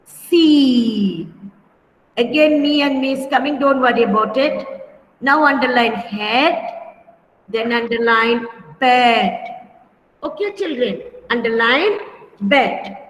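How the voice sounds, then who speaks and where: A woman teacher leading an online class for young children, speaking slowly and patiently, repeating words and calling pupils by name over a computer mic. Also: on the high side, a bit bright, slight background noise. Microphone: computer mic on a video call. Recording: echoey room with long reverb.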